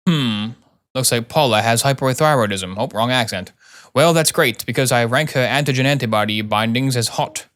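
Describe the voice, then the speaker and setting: A man's voice: mid-range voice, normal speed, a bit bright. A man playing a game live, commenting in a playful, self-mocking way and reacting aloud. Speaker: game streamer.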